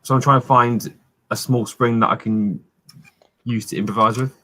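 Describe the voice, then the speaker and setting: A man chatting casually on a modelling live stream, halting and repeating himself with fillers. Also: medium pitch, fairly even intonation, sharp tone, rough recording.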